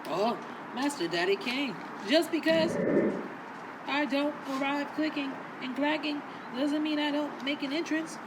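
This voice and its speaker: A sassy, impatient cane master , voiced by a woman, who teases bluntly and speaks slowly in a high voice. Heavy background noise runs under every line. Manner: teasing, blunt.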